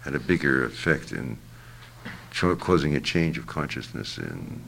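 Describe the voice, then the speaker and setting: An older man with an extremely low, gravelly voice talks slowly through his thoughts, pausing often with fillers and restarting phrases. There is a faint noise under the recording. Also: very animated, a bit bright. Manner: halting, searching for words, many fillers and restarts. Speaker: interviewee. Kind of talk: reflective interview answer.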